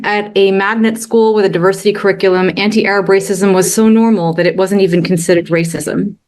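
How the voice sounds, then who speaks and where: A woman's voice: medium pitch, fairly even intonation, darkish tone. A woman physician from Medford giving earnest public comment to a city council over a video call. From Medford, Massachusetts. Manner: earnest, measured, fillers at the start.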